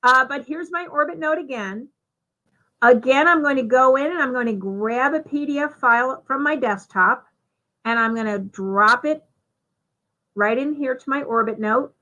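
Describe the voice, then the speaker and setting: A woman giving a live software demonstration, talking through each step in a chatty way with fillers. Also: high-pitched, moderate pace, dull audio. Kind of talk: live software demo walkthrough.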